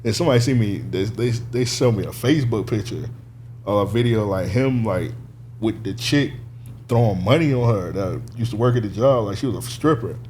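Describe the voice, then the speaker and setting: A podcast co-host with a fairly low, somewhat mellow voice tells a long story at normal speed in a casual chat. He laughs as he goes and uses "like" constantly, with slight background noise behind him.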